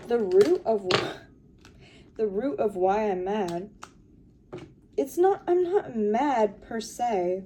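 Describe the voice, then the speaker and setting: A woman's voice: mid-range voice, expressive, slow, long pauses, noisy background. A young woman talking in a casual confessional vlog, rambling with lots of fillers and sounding tired while she sorts through her makeup and purse. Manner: rambling, filler-heavy, weary. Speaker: vlogger.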